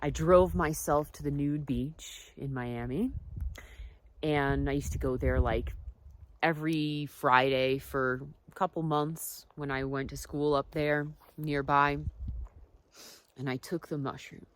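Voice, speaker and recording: A woman telling personal stories in a casual, reflective vlog. She drifts between soft asides and emphatic points. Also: low-pitched, fairly even intonation, takes it slowly. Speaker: wellness vlogger.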